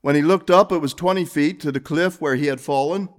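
A man's voice: on the high side, a little fast. A man preaching an evening sermon, reading scripture and asking the congregation earnest questions. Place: church, evening service.

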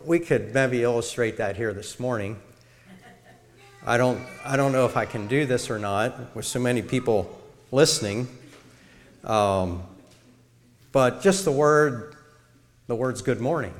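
Middle-aged guy preaching slow and measured, big hall reverb trailing off. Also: medium pitch. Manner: measured, demonstrates tones of voice. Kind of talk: sermon-style talk to a congregation. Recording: long reverb of a large hall.

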